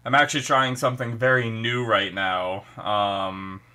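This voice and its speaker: A man's voice: lowish voice, little pitch movement, measured pace, sharp tone. Stuffy-nosed man chatting over an episode. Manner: chatty, thinking aloud while watching. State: slightly stuffy nose. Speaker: reaction video host. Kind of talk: casual reaction commentary.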